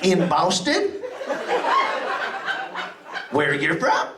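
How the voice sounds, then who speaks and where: A man voicing a big young Southern woman who talks in a very slow drawl, recorded in a roomy club from a distance. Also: fairly high pitch, wildly swooping pitch, very noisy, pitched below the performer's own voice, exaggerated voice. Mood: mocking. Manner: very slow drawl, dragging words out.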